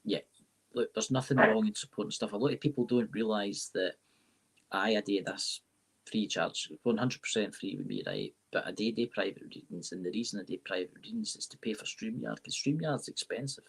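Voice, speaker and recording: A man's voice: lowish voice, sing-song, fairly quick. A Scottish man, a tarot reader and paranormal podcaster, talking in a rambling way on a live-stream interview and often saying "right?". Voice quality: gravelly, husky. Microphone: live-stream mic.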